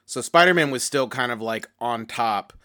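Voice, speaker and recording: A man's voice: medium pitch, animated, normal speed, pushed and bright. A man co-hosting a casual film podcast, chatty and playful, often restarting his sentences. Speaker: podcast co-host. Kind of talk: casual chat.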